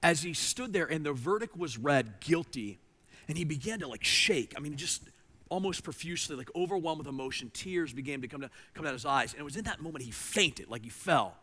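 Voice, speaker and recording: A man preaching a sermon, animated, climbing to emphatic peaks and then dropping low. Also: brisk, husky. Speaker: pastor. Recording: reverberant hall.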